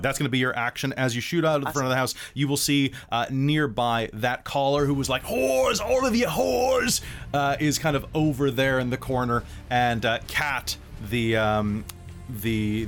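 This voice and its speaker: A man running a tabletop role-playing game, narrating in a relaxed, meandering way with plenty of ums and uhs. His pitch sits in a middle range. Faint music plays underneath. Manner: relaxed, rambling narration with many fillers. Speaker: game master.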